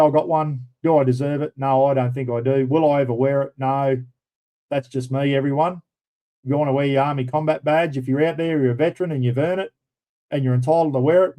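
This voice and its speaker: A man's voice: medium pitch, dark tone, poor audio. A middle-aged Australian man hosting a casual livestream chat, blunt and swearing freely, calling viewers mate. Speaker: livestream host. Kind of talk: casual live-stream chat.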